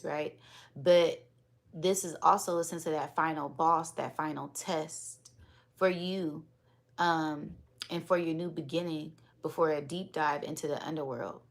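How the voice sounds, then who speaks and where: A woman hosting a live-streamed spiritual energy reading and chatting with viewers, talking in a calm, relaxed, unhurried way. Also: deep voice, gravelly. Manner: calm, relaxed and unhurried, sometimes repeating words. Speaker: spiritual reader and livestream host.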